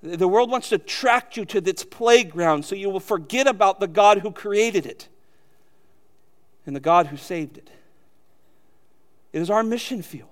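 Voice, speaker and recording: A man preaching a sermon as a pastor, emphatic, addressing listeners directly with rhetorical questions and building to loud peaks. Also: sits high, a little slow, long pauses.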